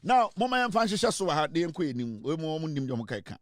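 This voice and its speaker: This online talk-show host, a Ghanaian-accented man, talks fast and very animatedly in a fairly high voice. Mixing English and Twi, he peppers his casual monologue with teasing rhetorical questions, captured as a dry, studio-quality recording.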